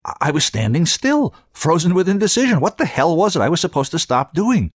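Expressive male story reader, dry and close. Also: on the high side, a little fast, no echo. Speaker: host and reader. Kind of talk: scripted fiction narration.

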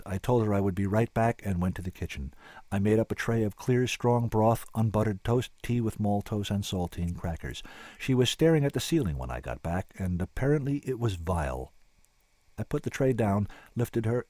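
A man's voice: low voice, very animated, normal speed, warm tone, no room sound. A man giving dry, wry first-person scripted narration as an audiobook narrator.

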